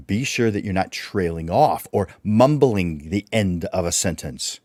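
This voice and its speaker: A man's voice: low voice, lively intonation, normal speed, few pauses, a little mellow, no echo. A man presenting a livestreamed speaking workshop, instructive and full of rhetorical questions.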